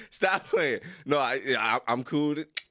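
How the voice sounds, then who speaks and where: A young man streaming casually to his viewers: loose, slangy, laughing often and jumping into high squeals. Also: animated, a little slow, bright, forceful tone. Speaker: streamer reacting to videos. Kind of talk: casual chat with live viewers.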